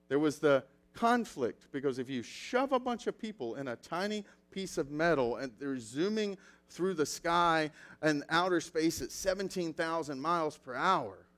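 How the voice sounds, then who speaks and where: A man preaching a sermon as pastor, telling stories with animated acted-out quotes. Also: on the high side.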